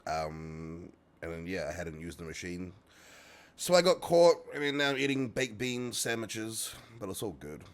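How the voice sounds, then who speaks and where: A man co-hosting a casual podcast, animated, swearing and laughing a lot. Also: low voice, normal speed. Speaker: podcast co-host. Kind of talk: casual chat.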